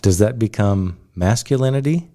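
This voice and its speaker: A man co-hosting a podcast, speaking in a slow, deliberate way and thinking aloud in measured phrases. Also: fairly low pitch, animated, warm tone. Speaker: podcast co-host. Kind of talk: casual chat.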